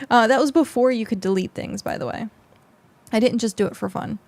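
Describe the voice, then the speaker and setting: A woman's voice: fairly high pitch, brisk, mellow, no room sound. A young adult woman streamer chatting casually with her viewers on a close mic, rambling with lots of fillers. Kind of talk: casual livestream chat with viewers.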